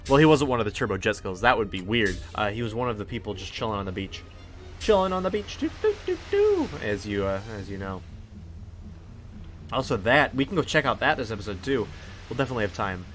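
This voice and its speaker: A man with a lowish, fairly bright voice hosts a casual let's play, rambling through the game with plenty of fillers and restarts. He hums along now and then while faint game music plays in the background.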